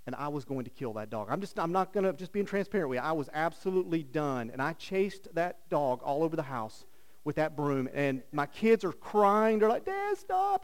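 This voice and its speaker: A middle-aged pastor with a fairly high-pitched voice preaches a sermon. He tells stories and poses rhetorical questions, swinging between loud bursts and hushed lines.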